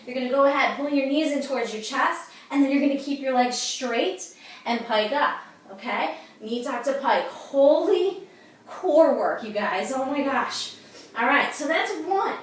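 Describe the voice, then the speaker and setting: A high-voiced woman leads an at-home workout at a normal speed, her tone a bit bright and her breathing heavy. She coaches cheerfully, frequently dropping "okay?" and "you guys," and the distant mic picks up an echoey room.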